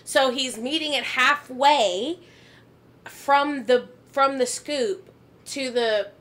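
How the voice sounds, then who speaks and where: A woman hosting a podcast, telling a story in a casual, animated way, laughing and swearing often. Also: high voice, takes it slowly. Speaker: podcast host.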